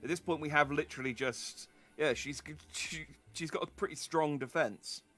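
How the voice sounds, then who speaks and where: A man's voice: on the high side, normal speed, pushed and bright. A male streamer casually commenting on a game in a playful, joking way and laughing often. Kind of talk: let's play commentary.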